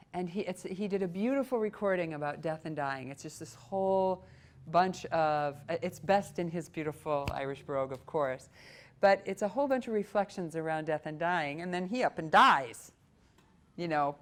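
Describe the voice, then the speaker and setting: A middle-aged woman with an Upper Midwest American accent speaks to a library audience. Her voice sits fairly low and stays expressive. Now and then she drops into a few lines of song before going back to talking. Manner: warm, animated, breaks into short sung phrases. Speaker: voice coach and presenter. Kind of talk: library presentation talk. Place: public library meeting room.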